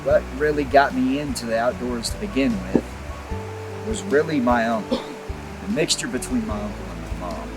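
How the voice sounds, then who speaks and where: A folksy man rambles and jokes as he hosts outdoors by a creek, cold from the winter air. His pitch sits in an ordinary middle range. Clear music plays underneath him. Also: lively intonation, moderate pace, poor audio. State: cold, shivering. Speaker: outdoor show host. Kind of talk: casual outdoor vlog talk.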